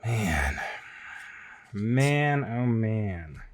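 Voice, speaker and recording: Male host, unhurried delivery, wry and grumbling, casual box-break commentary. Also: lowish voice, big pitch swings. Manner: grumbling, wry, talks to viewers as folks. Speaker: card collector opening packs.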